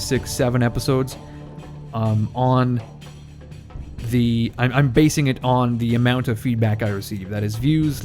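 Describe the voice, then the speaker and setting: A man's voice: medium pitch, darkish tone. A man giving casual let's play commentary as a gaming channel host, joking with wry asides and chuckles.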